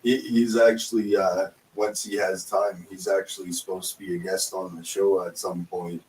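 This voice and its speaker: A man's voice: deep voice, level tone, moderate pace, darkish tone, distant mic, poor audio. A man hosting a live podcast stream, laid-back and agreeable with casual profanity. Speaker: podcast host.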